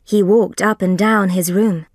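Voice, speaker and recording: A woman reading a graded story aloud for English learners, careful and deliberate. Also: medium pitch, steady tone, darkish tone, dry recording, studio quality.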